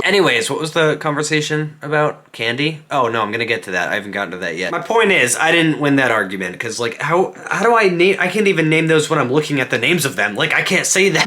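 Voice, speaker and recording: Young male vlogger, bright tense tone, animated joking rants, casual. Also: fairly high pitch. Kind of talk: casual comedic vlog monologue.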